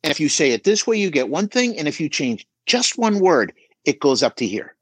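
Middle-aged male coach, animated and emphatic, mid-high voice, dry close sound. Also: fairly quick, slightly rough, dry recording. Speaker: auto shop business coach guest. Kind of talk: podcast conversation.

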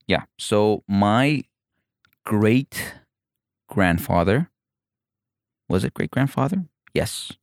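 A man from the Emirates with a fairly low voice talks loosely and playfully, breaking off and restarting his sentences as he goes. The recording is dry and close. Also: drawn-out words, gravelly, long pauses, no echo. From United Arab Emirates. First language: Evazi Persian. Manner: animated, restarts often, playful. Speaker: guest comedian. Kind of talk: casual interview chat.

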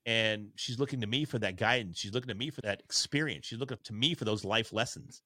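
A man in his forties speaks over a video call as a podcast guest, earnest and energetic, with a self-deprecating streak. His voice is bright and forceful. The sound is dry, with no room echo. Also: fairly low pitch, quick pace. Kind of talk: candid conversational storytelling.

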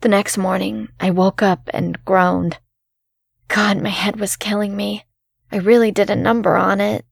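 A woman reading a first-person horror story in a calm, measured way as the show's narrator. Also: medium pitch, vocal fry, slightly rough, dry recording, clean studio sound.

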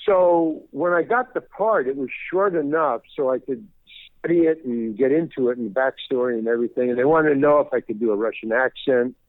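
A man's voice: mid-range voice, a little fast, dry recording. Older man on a tinny phone line. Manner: rambling, many restarts and repeated words. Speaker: guest actor. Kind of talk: casual interview chat.

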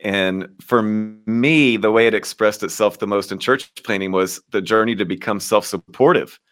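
A man from Kentucky speaks as a pastor being interviewed. His voice sits on the lower side, and he reflects earnestly on his work. He tells his stories with easy humor. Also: normal speed, fairly bright tone. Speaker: lead pastor and guest. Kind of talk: storytelling interview answers.

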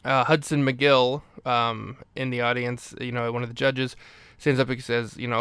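A man's voice: medium pitch, steady tone, moderate pace, fairly bright tone, smooth, no echo. Male podcast host, casual and self-correcting, with a clean, resonant voice on a dry close mic. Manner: rambling, self-correcting recap. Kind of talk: casual movie recap.

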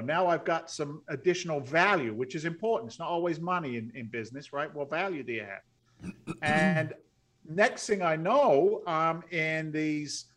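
A middle-aged man, a podcast guest, telling stories in a blunt, salty, animated way. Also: on the high side. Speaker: podcast guest, real estate investor. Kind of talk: storytelling interview.

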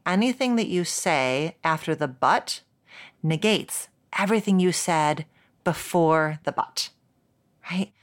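A woman, a couples therapist hosting a podcast, teaching in a reflective way with soft laughs and spoken examples. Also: fairly low pitch.

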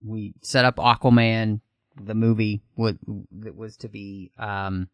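A man's voice: fairly low pitch, flat delivery, a little slow, no room sound. A man co-hosting a podcast in casual chat, recapping with enthusiasm. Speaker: podcast co-host.

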